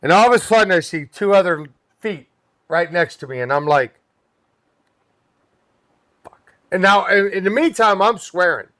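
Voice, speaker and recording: A man's voice: high voice, animated, fairly quick, fairly bright tone, no room sound. A pest control worker, a man, telling a wild work story on a comedy podcast, swearing freely and laughing as he goes. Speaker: podcast guest. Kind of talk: animated storytelling.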